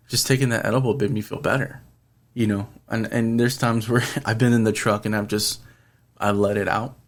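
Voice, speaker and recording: A man hosting a podcast, talking earnestly and rambling in casual chat, swearing freely. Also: mid-range voice. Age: adult, past his twenties. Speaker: podcast host.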